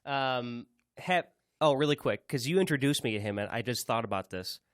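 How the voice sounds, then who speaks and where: A man's voice: medium pitch, animated, moderate pace, fairly bright tone, no room sound. Man, podcast co-host, casual chat, rambling, restarts, dry close mic. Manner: rambling, many restarts and fillers.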